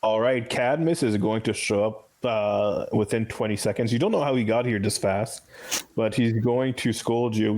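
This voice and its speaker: A man narrating as game master of a tabletop role-playing game, talking in a relaxed way with frequent fillers. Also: fairly low pitch, moderate pace.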